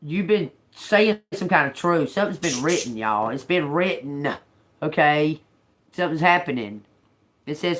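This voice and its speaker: A woman with a low-sitting voice gives a casual tarot reading, speaking a little slowly. She tells stories with animation, laughs a lot, and curses without restraint.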